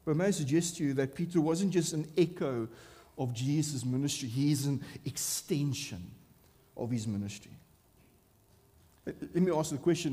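A man delivers a sermon slowly and deliberately, his voice mellow and somewhat high for a man. He preaches earnestly and with emphasis, leaning on rhetorical questions and repeated phrases.

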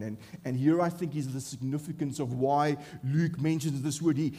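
A man delivers a sermon slowly and deliberately, his voice mellow and somewhat high for a man. He preaches earnestly and with emphasis, leaning on rhetorical questions and repeated phrases.

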